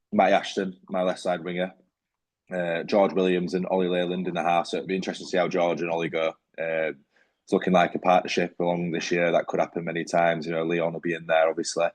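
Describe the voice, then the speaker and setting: A man's voice: low-pitched, a little mellow. A man talking as a rugby league player in a casual interview, easygoing and rambling, with many fillers and restarts.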